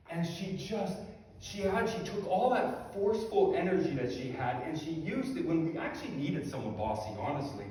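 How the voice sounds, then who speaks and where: A man's voice: on the high side, darkish tone. A male pastor preaching a sermon in a conversational, self-deprecating storytelling manner. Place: church sanctuary. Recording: echoey hall from far off.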